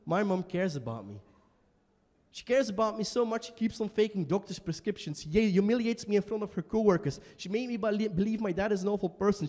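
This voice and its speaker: A man's voice: sits high, in a large hall. Young man in a raw solo monologue. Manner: emotional, shifts between quiet and shouting. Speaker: stand-up performer. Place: small basement venue.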